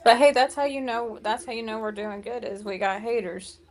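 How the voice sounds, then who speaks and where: A woman's voice: on the high side, a little fast, darkish tone. A woman content creator co-hosting a podcast watch party, rambling and full of fillers. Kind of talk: casual watch-party chat.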